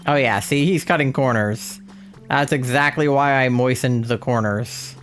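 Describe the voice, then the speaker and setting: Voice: medium pitch, measured pace, a bit bright, faint music behind. A streamer giving casual gameplay commentary, playfully cheering the characters on.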